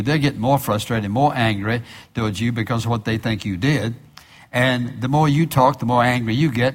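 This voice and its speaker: Deliberate man preaching a sermon. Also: mid-range voice. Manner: slows down to stress key phrases and repeats them; asks the listeners questions and answers them himself. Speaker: pastor.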